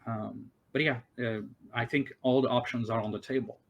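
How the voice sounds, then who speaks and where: A man acting as game master, answering players' questions in a halting way with many fillers and restarts. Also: mid-range voice, steady tone, vocal fry, highs cut off. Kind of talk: narrating a tabletop game.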